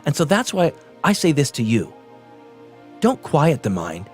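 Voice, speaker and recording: A middle-aged man hosting a show, delivering a self-absorbed comedic monologue that builds into excited outbursts. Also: a little high, unhurried, soft background music. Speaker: podcast host.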